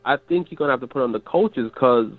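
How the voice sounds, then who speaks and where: A man's voice: medium pitch, lively intonation, quick pace, dry recording. A man with a sick, stuffy, nasal voice, calling in as a regular co-host and venting in casual sports talk with many restarts. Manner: frustrated, rambling analysis with many restarts. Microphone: phone. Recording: dry tinny phone line.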